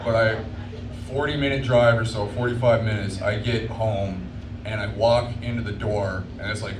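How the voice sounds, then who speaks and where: A man telling a crude stand-up story, his mid-pitched voice caught from a distance. The comedy club around him is echoey and noisy. He builds toward shouting as the bit climaxes. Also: fairly even intonation, brisk. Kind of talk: stand-up routine. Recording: echoey club from far off with noise.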